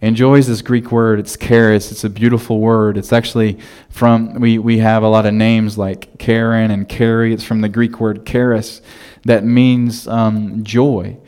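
Smooth-voiced pastor preaching casually. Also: male voice, on the low side, flat delivery, a little slow, darkish tone. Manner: conversational storytelling with restarts. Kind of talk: sermon.

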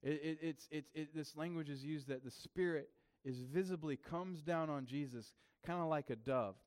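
A man's voice: on the high side, moderate pace, a little mellow, clean tone. Guy preaching, casual chatty sermon, lots of ums and false starts. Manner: casual, conversational preaching with fillers and restarts. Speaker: pastor.

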